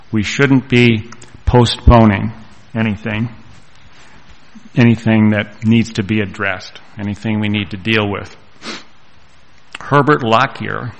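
A man preaching a sermon and reading scripture aloud, with slow, deliberate delivery and pauses. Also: on the low side, gravelly, low-quality recording.

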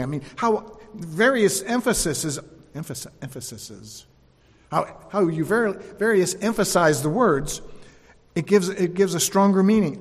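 A man with a slightly raised voice delivers a sermon in a church hall. He repeats key lines for emphasis and often drops to a soft, low delivery. His words ring with a long hall reverb. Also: lively intonation, unhurried, slightly rough. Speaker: preacher.

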